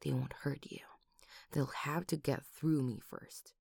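A woman voicing a doting, protective lover who kills for her partner, in a whispered role-play with breathy whispers and sudden loud outbursts, close to the microphone. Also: a bass voice, steady tone, unhurried, dry recording, full character voice. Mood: doting worried.

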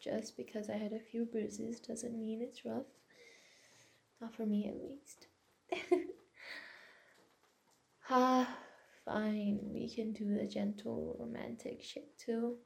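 A woman's voice: a little high, level tone, takes it slowly, gravelly, long pauses. Breathless young woman in audio role-play.

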